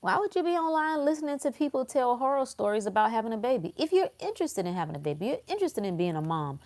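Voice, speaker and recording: A woman's voice: a little high, very animated, fast talker, hardly any pauses, a little mellow. A woman hosting a casual motivational livestream, talking emphatically to her viewers and repeating phrases to drive her points home. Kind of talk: casual motivational talk to a live audience.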